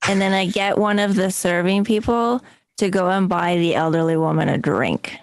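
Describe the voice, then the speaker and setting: A woman's voice: lowish voice, normal speed, dry recording. A woman playing a tabletop game, casual and dry. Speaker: player.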